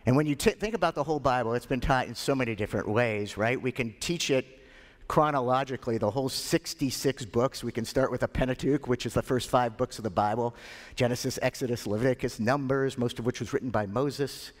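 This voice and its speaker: A male pastor preaching a sermon, retelling scripture with animated delivery and dramatic pauses. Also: medium pitch, long reverb tail. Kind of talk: sermon storytelling.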